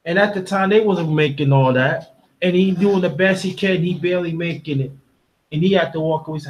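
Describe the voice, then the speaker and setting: A man's voice: a little high, a little fast. A man from Brooklyn, New York, talking casually and with feeling, rambling and restarting as he recounts a story. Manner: rambling, heartfelt, with many restarts. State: emotional. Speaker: panel host.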